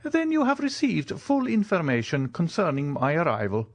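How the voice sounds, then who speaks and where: A timid, eager old Italian ex-major, as an audiobook narrator puts him on, his voice pitched high and quavering, leaping up and down. The storybook reading is dry and close. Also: huge pitch swings, normal speed, dry recording.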